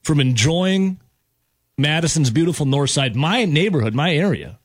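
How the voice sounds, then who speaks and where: Male radio host, slightly high and lively voice, laughing storyteller, dry close mic. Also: normal speed, no echo. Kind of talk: casual storytelling chat.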